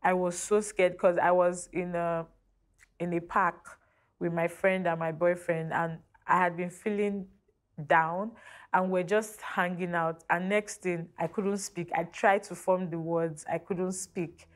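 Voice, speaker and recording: A woman's voice: lowish voice, flat delivery. A woman earnestly recounting a frightening personal episode. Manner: measured, earnest. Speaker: interviewee. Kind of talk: personal testimony.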